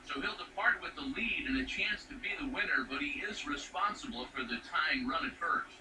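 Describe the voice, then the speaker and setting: A man as a calm baseball TV announcer, distant and roomy. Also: fairly high pitch, close to an everyday voice. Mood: measured. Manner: calm, measured, even broadcast delivery. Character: steady male baseball TV announcer. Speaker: play-by-play announcer in a baseball video game. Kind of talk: baseball play-by-play commentary. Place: game audio played through TV speakers, picked up in a room. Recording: roomy game audio from far off, loud noise.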